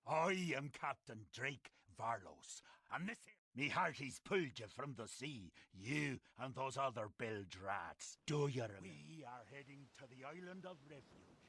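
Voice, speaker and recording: An actor playing a bossy gnome pirate ship captain in a video game, talking in salty pirate lingo and barking orders. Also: male voice, medium pitch, expressive, a little slow, few pauses, a bit bright, slightly rough, dry recording, full character voice. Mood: jovial. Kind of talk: video game character dialogue.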